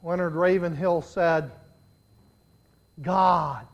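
A preacher gives an impassioned sermon, swinging from hushed, pleading lines to loud, shouted appeals, and prays aloud in the first person. His medium-pitched voice is creaky and extremely slow, and the audio sounds dull.

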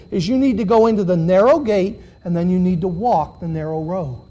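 A preacher giving a live sermon to a congregation of about fifty, dropping to quiet, low questions and then rising to loud, shouted emphasis, drawing out key words. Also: a little fast, hardly any pauses. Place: church hall with about fifty listeners.

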